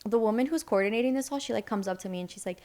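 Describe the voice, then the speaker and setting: A young woman from Seattle, a podcast guest, telling a story in a casual chat, acting out the people she quotes. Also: rapid-fire. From Seattle, United States. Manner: animated storyteller, acts out quoted voices with sudden high pitch.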